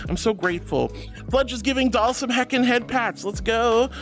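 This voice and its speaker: Affectionate high-voiced male streamer. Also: normal speed, fairly bright tone, faint music behind. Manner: affectionate, calls viewers sweetie and honey. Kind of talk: live stream chat reading.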